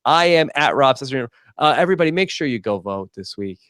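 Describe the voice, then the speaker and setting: A man's voice: medium pitch, expressive, fast, a bit bright, no echo, clean studio sound. A man hosting a podcast, chatting casually and steering the talk with easygoing asides. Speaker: podcast host.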